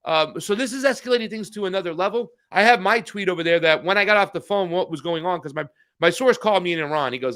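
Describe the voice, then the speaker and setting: This man co-hosts a political news podcast and talks fast in a high, fairly bright voice. The chat is casual but he gets heated, cursing and starting his sentences over again and again.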